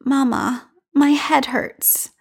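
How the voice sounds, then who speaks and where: A woman's voice: high voice, little pitch movement, slow pace, darkish tone, voice pushed up. A woman voicing a proud young girl who takes offense easily, speaking with earnest dignity. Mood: pained.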